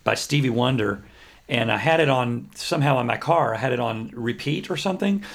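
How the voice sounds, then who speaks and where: A man's voice: medium pitch, expressive, fairly quick, gravelly. A man hosting a podcast, chatting loosely about drums and recording. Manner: rambling, asks loose questions. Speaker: podcast host. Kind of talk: casual podcast conversation.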